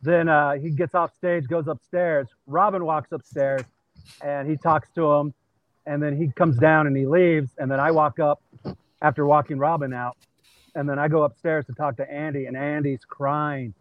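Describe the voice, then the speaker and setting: Male comic guest from California, higher voice, spins backstage stories with filler words, dry lo-fi remote sound. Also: normal speed, no room sound. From California, USA. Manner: animated anecdotes with many fillers. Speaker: stand-up comedian guest. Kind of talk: casual storytelling. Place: busy comedy venue with people walking around.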